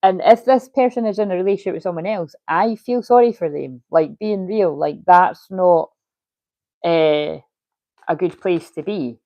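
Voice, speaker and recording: A woman's voice: on the low side, darkish tone, dry recording, low-quality recording. A woman giving a casual livestream tarot reading, chatty, swearing freely and laughing often. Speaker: tarot reader.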